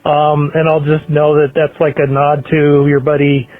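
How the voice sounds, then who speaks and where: A man's voice: fairly high pitch, completely flat delivery, normal speed. A man leaving a rambling, hesitant voicemail as a fan of the show. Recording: tinny phone line.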